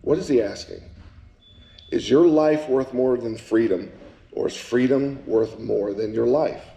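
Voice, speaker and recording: A man giving a live speech at a public celebration, folksy, with jokes for the crowd, and slow and emphatic on his key lines. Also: medium pitch, vocal fry, warm tone. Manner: folksy, joking asides with the crowd. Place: event hall. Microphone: handheld mic at a podium. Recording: echoey room.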